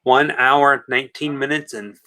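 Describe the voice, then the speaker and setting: A man hosting a late-night watch party, joking and playful as he talks to viewers. His voice sits at an ordinary pitch with a bright edge. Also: fairly even intonation, moderate pace. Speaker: host. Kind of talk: casual chat.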